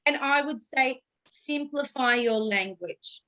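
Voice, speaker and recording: A woman's voice: high voice, slow, pushed and bright. A woman communication coach giving advice on a panel, explaining patiently and acting out exaggerated intonation.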